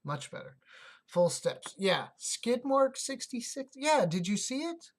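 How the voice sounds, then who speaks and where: Unhurried, mid-pitched livestream host; casual, musing, chats back to viewers. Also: very animated, a little hiss or hum. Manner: thinks aloud, chatty, talks back to chat comments. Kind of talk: casual livestream chat while sorting coins.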